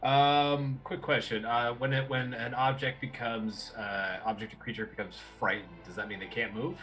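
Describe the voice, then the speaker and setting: A man's voice: medium pitch, fairly even intonation, moderate pace, a bit bright, faint music behind. A man playing a tabletop game, chatting casually and asking the game master rules questions. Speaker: player.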